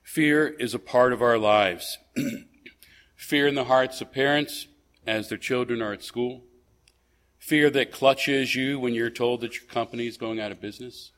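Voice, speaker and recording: A male pastor delivers a sermon at a middle pitch, in a relaxed, conversational way. He asks his listeners rhetorical questions and often hesitates or restarts a phrase as he goes.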